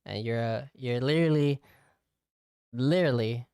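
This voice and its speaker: A man's voice: mid-range voice, normal speed, a little mellow, smooth, no room sound, clean studio sound. A young man hosting a casual solo podcast as a VTuber, rambling with lots of fillers.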